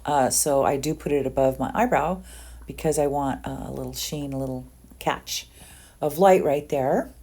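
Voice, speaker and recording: A woman's voice: rumbling low, moderate pace, mellow, husky. A woman in her sixties chatting casually through her makeup routine on camera at home, rambling with ums and little asides. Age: 60s. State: under the weather. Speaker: beauty vlogger. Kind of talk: casual get-ready-with-me makeup tutorial.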